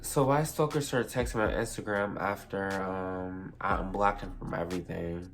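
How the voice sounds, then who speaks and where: A man's voice: low voice, fairly even intonation, normal speed, faint music behind. A young man casually telling a storytime tale for a vlog, rambling, swearing freely and correcting himself as he goes. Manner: rambling, profane, self-correcting.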